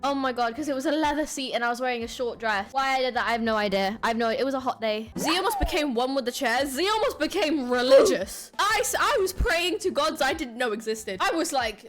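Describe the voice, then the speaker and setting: A young woman streamer telling a story casually, animated and swearing, laughing often. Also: fairly high pitch, fairly quick, few pauses, faint music behind.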